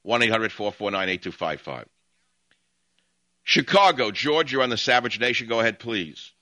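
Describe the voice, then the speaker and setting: A man's voice: on the low side, big pitch swings, normal speed, bright, forceful tone, no echo. A man hosting a call-in talk radio show, ranting combatively at his callers in long monologues. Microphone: studio mic.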